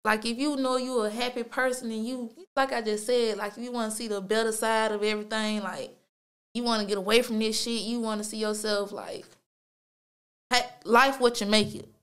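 A woman's voice: fairly high pitch, steady tone, normal speed, fairly bright tone, smooth. A woman hosting her own show, telling a story in a laid-back, slangy way, cursing a lot and filling gaps with "like" and "you feel me". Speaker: podcast host. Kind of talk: casual storytelling monologue.

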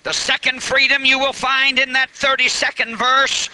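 A man's voice: very high voice, little pitch movement, moderate pace, pushed and bright, smooth, rough recording. A man preaching a live revival sermon at a church meeting, fiery and emphatic, stretching key words out.

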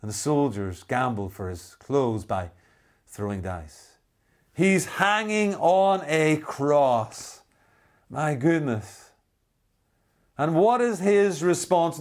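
A man, preaching a sermon as a pastor, who slows down for emphasis and drops to a soft voice at key lines. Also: fairly high pitch.

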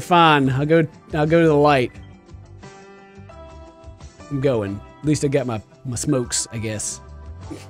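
A man giving comedic gameplay commentary, joking around and shouting at game characters. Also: medium pitch. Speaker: gaming channel host. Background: game music.

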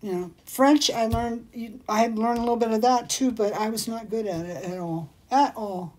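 A woman's voice: a little high, normal speed, darkish tone. A woman hosting a casual livestream, chatting in a rambling, digressive way and reading out viewer comments. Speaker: jewelry shop livestream host.

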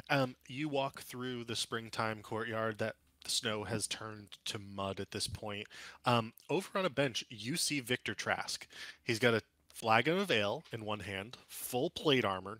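A man narrating as game master of a tabletop game, relaxed and full of fillers. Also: lowish voice, unhurried, dry recording.

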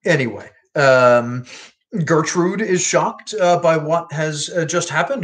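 Halting man explaining a play. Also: on the high side, fairly bright tone. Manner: halting, full of "uh" and restarts, wry. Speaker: literature explainer. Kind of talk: casual explanatory commentary.

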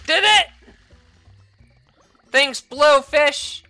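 A woman yelling and swearing at a video game as she plays, bursting into furious shouts. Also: high-pitched, extremely slow, soft background music. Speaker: gaming video creator. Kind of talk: angry gameplay commentary.

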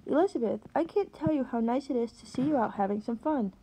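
A woman reading aloud, voicing a stern middle-aged woman who scolds loudly and formally. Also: high voice, lively intonation, fast talker, husky, pitched above the performer's own voice, low-quality recording. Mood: booming.

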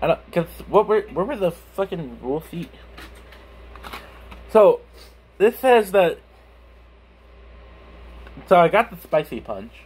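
A man's voice: high-pitched, sing-song, slow pace, pauses often, a little mellow, slight background noise. A young man chatting casually on his vlog, speaking with a lisp from a burned tongue, laughing and swearing as he stumbles over words. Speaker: YouTuber.

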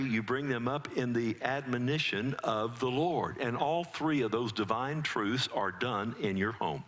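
A middle-aged male pastor preaches in a church sanctuary, speaking at a middle pitch. His delivery is animated and conversational, with frequent restarts and little asides to the congregation. His voice jumps up and down as he tells family stories. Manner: animated storytelling with quick pitch jumps for quoted child voices. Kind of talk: sermon.

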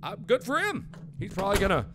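A young man in his twenties commenting on a horror game he plays, excitable, yelping and shouting when scared. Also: high voice, fast talker, creaky, noisy background. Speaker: gaming video host.

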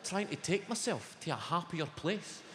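A Scottish man doing a stand-up routine, telling brash, sweary stories and reeling off rapid food lists. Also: a little high, sing-song, slight background noise. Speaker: stand-up comedian. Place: large theatre stage. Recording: echoey live hall with loud room ambience.

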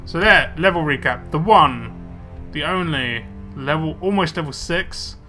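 A man's voice: fairly high pitch, animated, a little slow, bright, forceful tone, soft background music. A young man casually commenting on his gameplay, muttering to himself as he plays. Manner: chatty, muttering to himself while playing. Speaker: let's play gamer.

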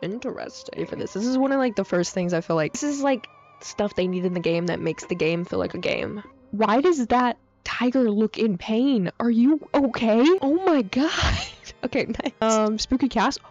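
A young gaming YouTuber gives casual commentary on a game update, excitable and chatty, packed with slang and fillers. Her voice sits on the high side at a moderate pace. She holds a handheld mic that peaks and overdrives, and the dull lo-fi recording carries faint music.

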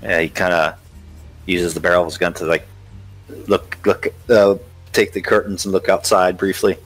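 A man describes his character's actions in a tabletop game, casual and hesitant. His voice is very low. Faint music plays under him. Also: flat delivery, moderate pace. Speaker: player.

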